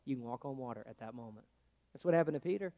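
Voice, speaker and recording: A man preaching a sermon in a conversational way, swinging between loud, pressing lines and hushed, quiet ones. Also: medium pitch, animated, racing, in a large hall, phone-quality sound. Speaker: pastor.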